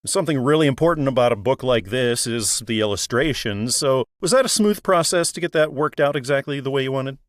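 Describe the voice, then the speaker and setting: A man's voice: medium pitch, expressive, fairly quick, hardly any pauses, no echo. A man hosting a book interview show, upbeat and reading out book details. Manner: enthusiastic, reads book details. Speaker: interview host.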